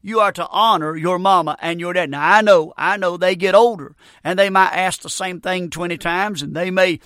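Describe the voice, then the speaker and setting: A man's voice: sits high, moderate pace, pushed and bright, smooth, no room sound, studio quality. A middle-aged man preaching a radio sermon in a folksy, emphatic way, often repeating himself.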